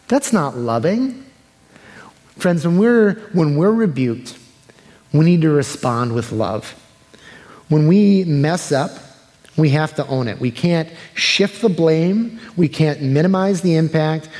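Young male pastor, casual sermon, slightly high voice, long hall reverb. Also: animated, slow, darkish tone. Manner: conversational, acts out quoted people.

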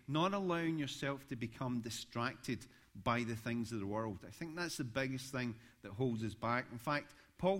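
A man, a pastor preaching a sermon, telling stories with rising animation. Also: medium pitch. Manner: storytelling, animated when recounting events.

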